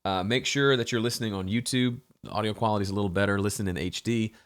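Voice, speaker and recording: A man's voice: fairly low pitch, fairly even intonation, quick pace. A man hosting a home studio mixing tutorial, talking casually with frequent fillers and restarts. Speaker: host.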